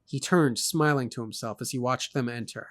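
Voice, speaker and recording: A man reading a fantasy novel aloud for a podcast, in steady narration broken by dry, joking asides. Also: medium pitch, moderate pace.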